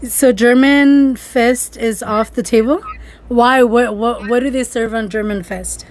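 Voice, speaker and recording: Young woman cohost, kinda high voice, giggles a lot, says like constantly. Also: steady tone, unhurried. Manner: giggly, hesitant, lots of "like". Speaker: podcast co-host. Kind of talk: casual chat.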